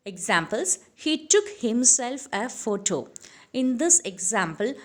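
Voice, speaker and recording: Hesitant woman teaching grammar, higher voice. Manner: many "uh" fillers and self-corrections, repeats the examples slowly. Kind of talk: explaining grammar to students.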